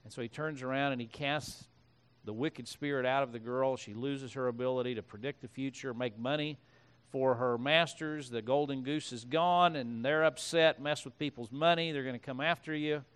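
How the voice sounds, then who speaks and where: Smooth-voiced male pastor preaching. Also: mid-range voice, normal speed, a bit bright. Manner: conversational preaching with asides and restarts; reads scripture aloud. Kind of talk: sermon.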